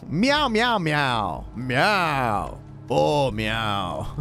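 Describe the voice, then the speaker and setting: Excitable young man streaming a game. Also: medium pitch. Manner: excitable, bursts of loud exclamations between quieter musing. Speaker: gaming streamer. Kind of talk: live gameplay commentary.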